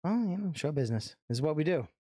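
Swearing, lively-voiced man streaming a game. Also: a little high, quick pace, no echo, studio quality. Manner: profane, rambling, jokey; puts on character voices. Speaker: let's play streamer. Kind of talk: casual game commentary.

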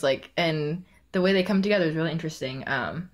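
A young woman in her twenties from the Bay Area, a podcast guest telling stories in casual chat, full of "like" fillers and quick laughs. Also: low-pitched. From San Francisco Bay Area, USA.

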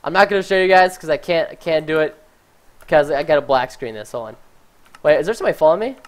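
Hyped guy streaming a block game live, rambling to chat, jumpy and loud when spooked. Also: fairly high pitch, fast talker, a little hiss or hum. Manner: excitable, chatty, easily startled; talks to chat and viewers. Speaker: gaming livestreamer. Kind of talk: live gameplay commentary.

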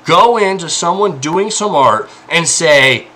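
A man delivers an angry personal rant, exasperated and profane, at times pleading. He speaks slowly and with emphasis, and his pitch swings widely. His voice has a bright, sharp edge over faint background noise. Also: lively intonation, low-quality recording. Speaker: indie game developer and content creator.

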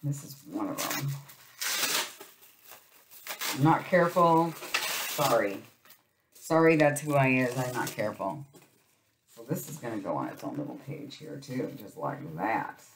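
A woman's voice: extremely low pitch, expressive, unhurried, pauses often, reverberant, noisy background. A woman vlogging about her crafting, chatty and storytelling, talking to her viewers as "you guys".

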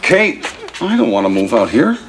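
An actor plays a mild, gently wry middle-aged sitcom father. His voice sits in an ordinary range but moves in a lively way, with a steady background hum under it. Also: medium pitch, moderate pace, natural voice. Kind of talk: 1980s sitcom acting. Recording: studio audience laughter track.

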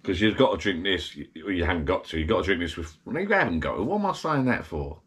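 Low-voiced rambling man. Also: very animated, fast talker, fairly bright tone, husky. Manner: rambling, digressive, chatty. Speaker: vlogger. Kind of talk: casual rambling chat. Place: backyard garden bar shed.

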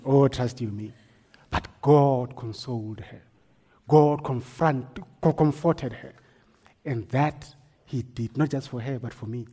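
Husky-voiced male pastor preaching. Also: medium pitch, a little slow. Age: adult, married. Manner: storytelling, swings from hushed to forceful. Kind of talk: sermon.

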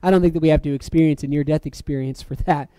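A man preaching a reflective sermon, letting phrases fall soft and then lifting sharply for emphasis. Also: a little high, steady tone, fast, smooth, no room sound. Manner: reflective, with soft dropping phrase ends and sudden lifts.

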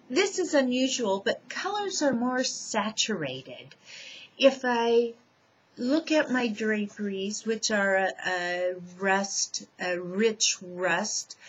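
Woman, home testimonial, slow and deliberate, mid pitch, muffled lo-fi recording. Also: husky. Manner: slow, deliberate, listing each change. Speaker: person describing her own recovery. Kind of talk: personal testimonial to camera. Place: at home, seated in a chair. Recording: dull lo-fi home recording, faint noise.

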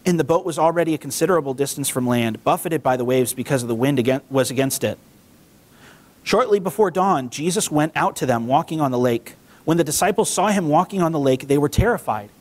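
Casual high-voiced man preaching. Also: a little fast. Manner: conversational, acts out quotes with lively pitch. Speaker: pastor. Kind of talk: casual sermon with scripture reading. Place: church sanctuary.

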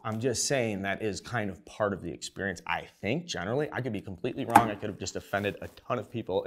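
A man's voice: low voice, vocal fry. A young man hosting a sports show, ranting in a rowdy, rambling, comedic way and swearing freely. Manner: profane, excitable, rambling. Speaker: show host.

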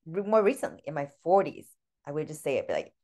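Woman, forties, lowish pitch, heartfelt storytelling, casual discussion. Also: big pitch swings, fast talker, dark tone. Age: 40s. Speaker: book club member.

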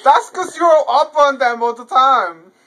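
A woman's voice: high voice, a little slow, a bit bright. A young woman chatting with friends on camera, bossy and teasing as she steers the talk. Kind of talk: casual chat among friends on camera.

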